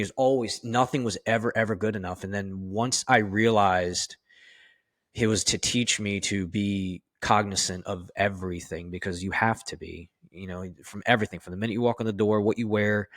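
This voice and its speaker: A man with a low voice works through fire-service stories in an interview. He speaks candidly, swears freely and acts out what his old officers said. The sound is dry and close. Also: fairly bright tone, dry recording. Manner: candid and profane, heavy use of "you know". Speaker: firefighter officer guest. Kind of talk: casual interview storytelling.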